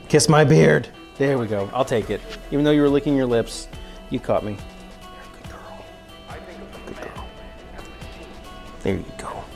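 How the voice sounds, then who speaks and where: A man's voice: medium pitch, darkish tone. A man chatting casually on a cooking livestream from his home kitchen, joking and poking fun at himself. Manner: joking, self-mocking, chatty. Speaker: streamer cooking live.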